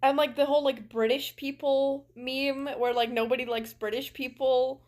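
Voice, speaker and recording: A young adult woman with a Canadian accent rambles in casual chat while she streams a game, saying "like" often. Her slightly mellow voice sits high, with fairly even intonation and a normal speed.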